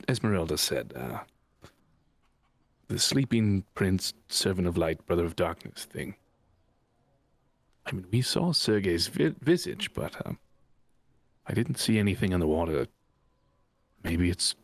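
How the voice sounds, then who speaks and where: A man's voice: deep voice, no echo. A man chatting casually as a player in a tabletop game, playful and full of hesitations.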